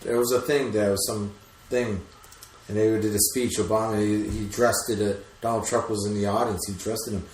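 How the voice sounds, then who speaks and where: Excitable man in casual podcast chat. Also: on the low side, brisk. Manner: excitable, swearing, hesitant restarts. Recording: echoey room with faint background noise.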